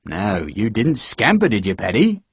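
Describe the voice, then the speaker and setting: Man as a booming, high-pitched drill sergeant, bullying and loud, in a dry close sound. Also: huge pitch swings, normal speed, no echo, full character voice. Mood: wheedling, menacing. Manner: booming, barking orders.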